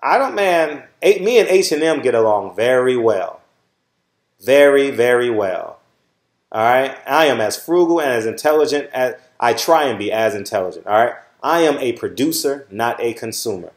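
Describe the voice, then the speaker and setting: A middle-aged channel host with a Southern Californian accent delivers a casual monologue, lecturing viewers bluntly and swearing freely. He keeps asking "all right?" over and over. His medium-pitched voice is expressive and moderately paced, and the sound is reverberant.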